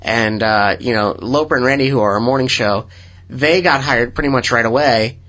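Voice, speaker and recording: A man, a guest radio DJ, chatting in studio in a relaxed storytelling way. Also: medium pitch, moderate pace, dull audio. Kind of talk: casual studio chat.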